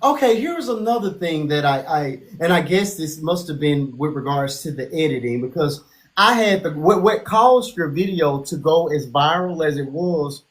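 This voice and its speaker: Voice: mid-range voice, expressive, normal speed, rough recording. Stammering live-stream interview host. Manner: hesitant, stammers and repeats words.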